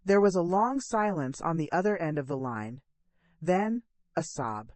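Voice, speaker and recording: Middle-aged woman storyteller, earnest first-person drama, low and dry. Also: animated, measured pace, no echo.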